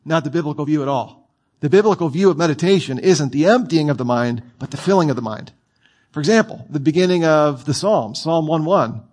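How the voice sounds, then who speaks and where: A man's voice: fairly high pitch, animated, brisk, darkish tone. A man preaching a sermon in a conversational, playful way, with asides to his listeners.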